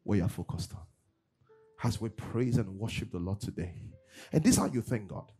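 Man, pastor preaching, husky voice, faint music behind. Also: lowish voice, normal speed. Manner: animated preaching, mimics congregants, laughs often. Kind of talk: sermon.

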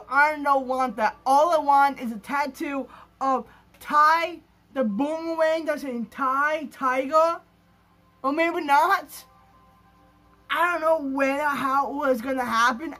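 A man's voice: extremely high pitch, measured pace, bright, forceful tone, soft background music. A gaming YouTuber, a man, talking in an overexcited, gushing vlog style, rambling and restarting his sentences. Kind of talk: excited gaming vlog talk.

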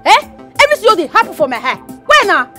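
Comedy skit, woman playing a Nigerian landlady, nagging, bossy, lively swinging voice. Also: extremely high pitch, fast talker, faint music behind, exaggerated voice. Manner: bossy, nagging, talks in Pidgin. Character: strict scolding landlady, middle-aged woman.

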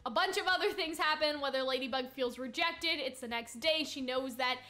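A woman's voice: high-pitched, sharp tone. A woman chatting casually about a cartoon theory, rambling with many fillers and little giggles. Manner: chatty, fast filler-heavy talk with frequent giggles. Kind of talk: casual commentary.

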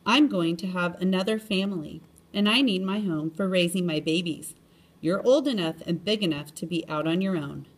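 A woman reading the part of a stern mother cat who sends her grown kittens away, in a flat, firm, matter-of-fact voice. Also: on the low side, moderate pace, breathy edge. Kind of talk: storybook reading.

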